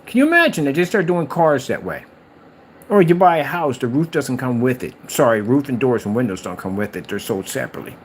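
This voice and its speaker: A man in mid-range, ranting in a fired-up, exasperated way, jumping up high for disbelief and sinking low when he grumbles. A faint hiss sits under the voice. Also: fairly quick. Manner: exasperated, animated ranting with mocking put-on quotes. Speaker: gaming video host. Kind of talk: ranting commentary over clips.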